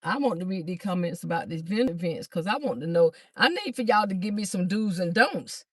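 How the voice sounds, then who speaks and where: A woman chatting fast on a phone livestream to her viewers, a bit out of breath as she walks from a car through a garage into a house. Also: fairly low pitch, expressive, breathy edge, no echo. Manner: chatty, talks fast to viewers, calls them "y'all". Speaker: livestream host and vendor. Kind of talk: casual livestream chat to viewers. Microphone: phone held by hand.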